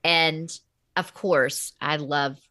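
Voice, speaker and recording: Bright-voiced Southern US woman host. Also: sits low, steady tone, very slow, no echo. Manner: enthusiastic, chatty. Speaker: podcast host. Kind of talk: casual interview chat.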